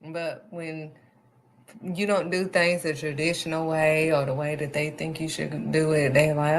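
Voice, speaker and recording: A woman with a fairly low voice gives a faith encouragement talk on her live stream. She hammers her points home by repeating them, leaning hard on the key words. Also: level tone, measured pace. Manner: emphatic, repeats key phrases. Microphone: streaming setup.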